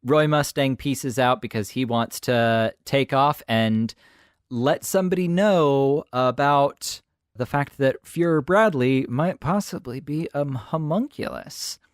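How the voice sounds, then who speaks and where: A man co-hosting a casual review podcast, talking in a playful, animated way. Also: mid-range voice, slow pace, clear, resonant tone, no echo, studio quality. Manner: animated, playful, slips into mock voices. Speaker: podcast co-host. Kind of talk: casual anime review chat.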